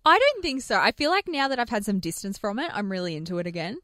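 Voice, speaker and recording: A woman, co-hosting a radio show, playful and teasing and quick to cut in. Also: mid-range voice, animated, a bit bright, no room sound, clean studio sound. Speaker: radio co-host. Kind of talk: casual radio banter. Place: radio studio.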